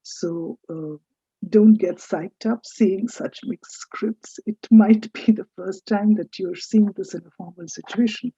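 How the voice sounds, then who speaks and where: A woman teaching a French lesson, speaking slowly and patiently and repeating words for learners to copy. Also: medium pitch, dark tone, breathy edge, dry recording. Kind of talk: recorded language lesson. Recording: dull lo-fi dry recording.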